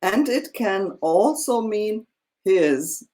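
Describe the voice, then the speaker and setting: A teacher, patiently tutoring one student, slow and full of fillers. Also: mid-range voice, lively intonation, a little mellow. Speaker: German teacher. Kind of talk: one-on-one language lesson.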